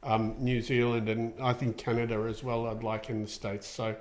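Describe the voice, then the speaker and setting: A man's voice: medium pitch, flat delivery, moderate pace. A middle-aged Australian man hosting a casual livestream show, rambling and chatty with lots of ums as he reads out viewer comments. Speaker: show host.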